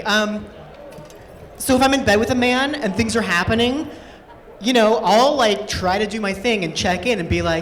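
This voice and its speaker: On a big hall's event stage, a comedienne with a fairly high voice delivers her set at a moderate pace, playful and talkative, frequently laughing mid-line. Long reverb from the hall hangs on every word.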